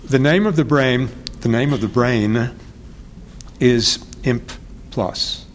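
A man being interviewed as an author, speaking in a halting, reflective way and often searching for words. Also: medium pitch, a little hiss or hum.

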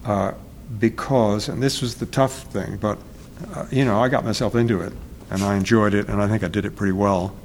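Author interviewee, male, lowish voice, thoughtful and halting, faint background noise. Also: fairly even intonation. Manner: halting, searching for words, self-correcting. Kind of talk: reflective interview talk.

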